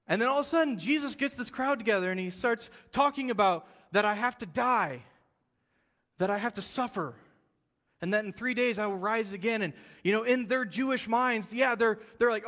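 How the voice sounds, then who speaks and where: A man preaching a sermon as pastor, telling the story in a lively, casual way and acting out the quotes. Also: sits high, brisk, big-room sound. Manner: animated storytelling, casual slang, acts out quotes. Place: church sanctuary.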